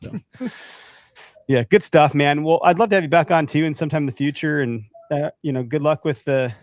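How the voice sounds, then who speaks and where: A man hosting a podcast in casual chat, animated and acting out the voices of people he quotes. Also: on the high side, fairly quick, dry recording, clean studio sound. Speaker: podcast host.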